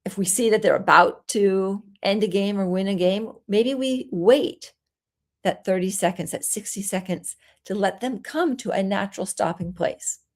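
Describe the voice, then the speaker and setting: A woman parenting coach giving a solo talk, explaining calmly and acting out soothing things a parent might say. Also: mid-range voice. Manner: gentle, explanatory, acts out soothing parent lines.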